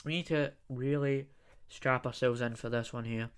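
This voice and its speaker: A man's voice: mid-range voice, fairly even intonation, normal speed, smooth. A young adult man hosting a solo podcast, rambling and ranting jokingly, with frequent swearing. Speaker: podcast host.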